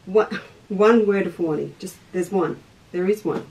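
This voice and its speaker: A woman's voice: on the low side, a little slow, a little mellow, far from the mic, poor audio. An Australian woman hosting a live sewing demonstration, chatty and breaking off from the task to greet viewers. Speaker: craft teacher and shop host. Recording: voice a little off-mic, faint background noise.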